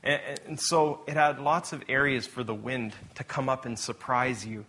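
A pastor giving a sermon in a relaxed, conversational way, often restarting his sentences and correcting himself as he tells stories. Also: mid-range voice, normal speed, slightly rough.

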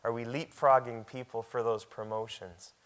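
Preaching in a relaxed, conversational style, this man repeats words frequently and rises sharply in volume and pitch while reading scripture. Otherwise his tone stays level and his speed normal.

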